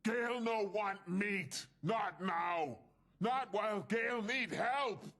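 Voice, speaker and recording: An actor playing a hulking, short-tempered male super mutant in a video game, with a gravelly, raspy voice and broken English, talking about himself in the third person. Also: high voice, slow pace, a bit bright, full character voice. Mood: furious. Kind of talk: video game character dialogue.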